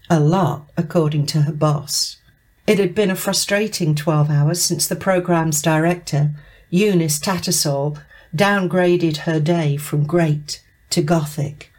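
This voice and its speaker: A woman reading her fiction aloud in a measured, wry narrating manner. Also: fairly low pitch, steady tone, a little mellow. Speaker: reader of her own story.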